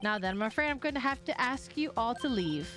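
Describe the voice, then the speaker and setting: A woman's voice: fairly high pitch, lively intonation, a little fast, fairly bright tone, faint music behind. A woman voicing a condescending, middle-aged male police chief, reading game dialogue aloud in a smug, commanding way.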